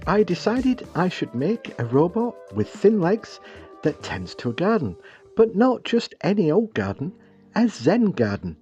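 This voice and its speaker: A man's voice: a little high, warm tone, husky, dull audio. A British man narrating his own craft build as channel host, with wry, self-deprecating humor. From Britain.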